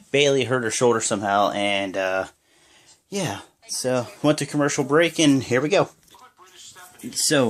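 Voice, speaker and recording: A sleepy young man giving rambling, casual reaction commentary, often stopping to correct himself. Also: mid-range voice. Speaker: wrestling reaction vlogger.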